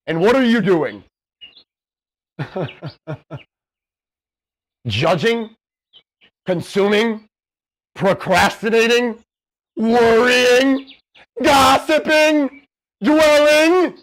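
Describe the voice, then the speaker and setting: A man's voice: very high voice, expressive, very slow, long pauses, fairly bright tone. A young man livestreaming from a gym, delivering a profane, intense motivational rant and gym tips. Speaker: fitness livestreamer.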